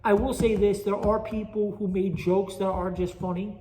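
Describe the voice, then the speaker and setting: A man's voice: sits high, flat delivery, moderate pace, mellow, a little hiss or hum. A man with a New York Italian accent hosting a solo podcast, rambling and restless, self-deprecating about his stand-up. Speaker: podcast host and amateur stand-up comic. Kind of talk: solo casual podcast monologue. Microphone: phone recording. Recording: echoey chamber reverb.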